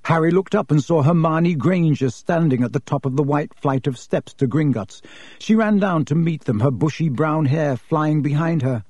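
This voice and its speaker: Guy reading an audiobook, warm and dry, kinda high for a man. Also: moderate pace, dry recording. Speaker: narrator. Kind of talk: audiobook narration.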